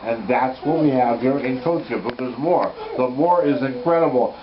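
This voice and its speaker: Over background noise in a slightly muffled home recording, a man with a mid-range voice teaches an informal Bible code lesson about Torah codes. He keeps a moderate pace and sounds enthusiastic, thinking aloud and revising what he says.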